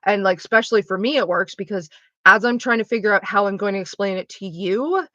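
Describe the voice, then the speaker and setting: Bright, frank young woman streamer. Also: mid-range voice, fairly quick, dry recording. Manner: frank, explanatory, swears freely, acts out quoted reactions. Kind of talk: casual chat while streaming a game. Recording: dull lo-fi dry sound.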